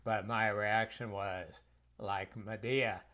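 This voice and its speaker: A man's voice: on the low side, steady tone, slow, pushed and bright. A man who works as a health practitioner, telling reflective personal stories in a conversational way for a course video.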